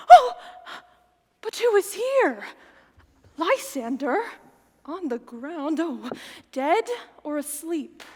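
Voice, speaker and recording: An actress playing a desperate, lovesick young woman, pleading in a breathy, tearful, theatrical delivery in Shakespearean verse. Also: high voice, very animated, extremely slow, mellow, heavily acted. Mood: forlorn. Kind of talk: Shakespeare stage acting. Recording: long hall reverb.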